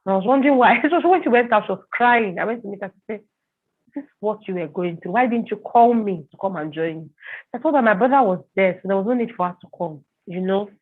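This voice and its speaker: A woman telling an emotional personal story as an interview guest, halting and repeating words when upset. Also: medium pitch, lively intonation, slightly rough. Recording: tinny phone-like line.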